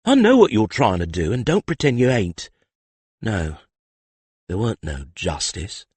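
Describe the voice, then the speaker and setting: A man's voice: lowish voice, huge pitch swings, unhurried, darkish tone, husky, no echo, pitched above the performer's own voice, full character voice. A man voicing a bold, cheeky young male street thief who talks in street slang with double negatives.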